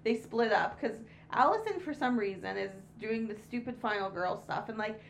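A woman with a fairly high, lively voice chats casually as a podcast co-host. She giggles often, agrees readily and acts out movie characters' lines. Faint hiss runs behind her. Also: normal speed, gravelly. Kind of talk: casual chat.

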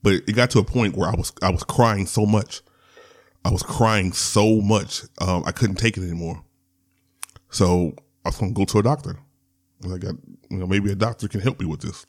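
A man's voice: low-pitched, normal speed. A man hosting a podcast, telling a personal story in a candid, rambling way. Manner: candid, rambling, with laughs and restarts. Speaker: podcast host.

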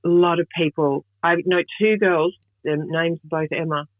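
Female comic guest, chatty and animated, thin tinny dry remote line. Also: low voice, moderate pace, dry recording. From Australia. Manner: lively, bursts into laughs and voices others. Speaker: comedian guest. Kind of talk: casual interview chat.

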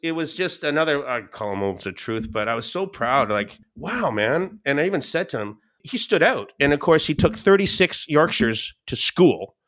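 A man, a podcast guest, telling stories in a casual, animated way, with many restarts. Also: fairly high pitch, normal speed, few pauses. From Scottish and English family. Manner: animated, quotes people in raised voices, many restarts. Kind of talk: casual storytelling.

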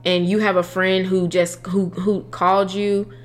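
A woman's voice: medium pitch, level tone, a little slow. An earnest young woman talks about faith in a loose, conversational way. She often restarts her sentences and drops into casual slang as she builds her point.

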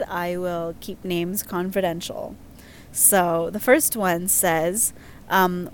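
A young woman casually reading out listener stories, chatty and prone to giggling. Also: mid-range voice. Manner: giggly, chatty, lots of fillers. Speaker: host reading listener submissions. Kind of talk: casual chat.

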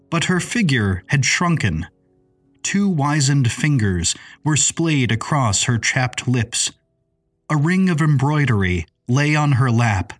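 A man narrates a novel in a measured, descriptive way. His voice is husky, with a mid pitch. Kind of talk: scripted audiobook narration.

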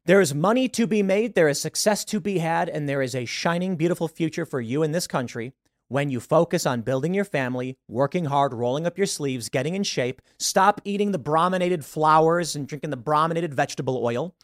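A man's voice: on the high side, brisk, no echo, studio quality. Emphatic man hosting solo commentary. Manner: emphatic, opinionated, rhetorical questions. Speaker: show host.

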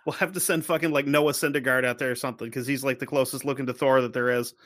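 A man's voice: medium pitch, steady tone, quick pace, fairly bright tone. A man co-hosting a podcast, joking around in casual chat and swearing a lot. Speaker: podcast co-host.

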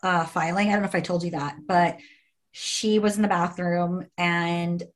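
A woman's voice: fairly low pitch, steady tone, moderate pace. A woman in casual conversation who tells a story emphatically, repeating phrases and swearing.

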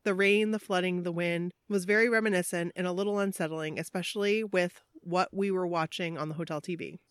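A woman's voice: mid-range voice, dry recording. A woman co-hosting a podcast in casual chat, reading a listener's story aloud and breaking off for laughing asides. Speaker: podcast co-host.

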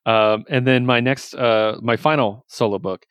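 A man casually hosting a podcast and recapping comics with eager, rambling enthusiasm. His voice sits at an ordinary middle pitch. The sound is close and dry, with no room around it. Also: steady tone, moderate pace, fairly bright tone, clear, resonant tone, dry recording. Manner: enthusiastic, loose recapping with fillers and swearing. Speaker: podcast host reviewing comics. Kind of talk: casual chat.

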